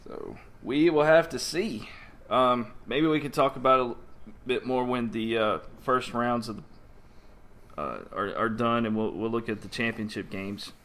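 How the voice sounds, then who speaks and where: A man's voice: medium pitch, moderate pace, a bit bright. A man co-hosting a casual sports podcast, laughing often and steering the talk from topic to topic.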